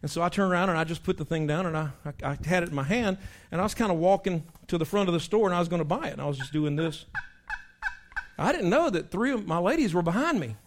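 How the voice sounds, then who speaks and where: A man, a pastor preaching in a folksy, animated storytelling way, breaking into animal call imitations. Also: sits high, fast talker, a little hiss or hum.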